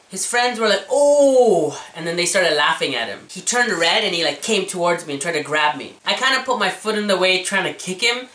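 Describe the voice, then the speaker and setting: A man in his forties with a girly, whiny voice tells a chatty, self-deprecating story for his vlog. His voice is on the high side and sharp, picked up far from the mic in an echoey room.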